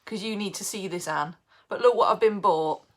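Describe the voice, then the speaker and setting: A woman's voice: medium pitch, moderate pace. A middle-aged woman from England chatting casually on a live baking stream, greeting viewers by name and laughing often.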